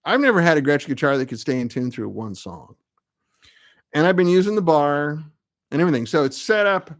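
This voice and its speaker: On his live web show, a middle-aged amp builder chats loosely and rambles, mocking himself along the way. He sounds a little high and animated, talking fairly quickly.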